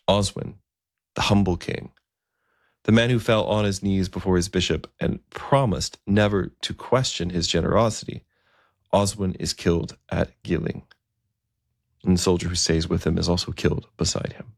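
A man's voice: low voice, steady tone, normal speed, vocal fry, no echo, studio quality. A man narrating a story in a conversational way, with occasional fillers.

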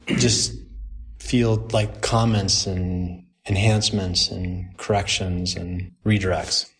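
A man's voice: on the low side, slight background noise. A man in his forties, a priest, telling a story to a group in a chatty way, laughing often and restarting his sentences.

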